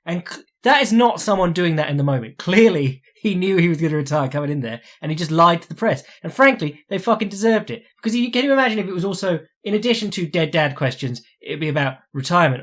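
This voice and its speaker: A man talking casually as a podcast host, animated and sweary, mocking other people's voices when he quotes them. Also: on the high side, fast talker. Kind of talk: casual chat.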